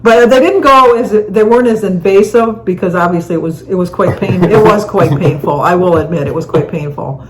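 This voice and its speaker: A woman's voice: lowish voice, brisk, few pauses, a little hiss or hum, low-quality recording. A woman in her seventies answering viewer questions in a casual chat, telling rambling stories and laughing through them. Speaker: co-host.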